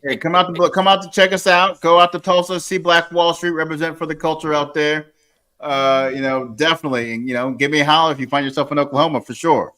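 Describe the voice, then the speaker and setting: Guest author, man in his 40s, crisp forceful tone, rambling casual talker. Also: on the high side, fairly even intonation, fast. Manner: rambling, lots of fillers and restarts. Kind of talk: casual interview talk.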